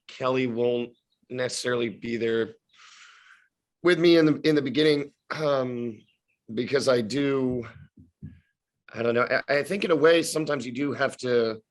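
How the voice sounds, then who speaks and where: A man in his thirties talks as a podcast guest in an easy, middle-pitched voice. He thinks aloud, circling back and restarting his sentences as he goes. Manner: reflective, halting, many restarts and hedges. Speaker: guest actor. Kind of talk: casual podcast interview.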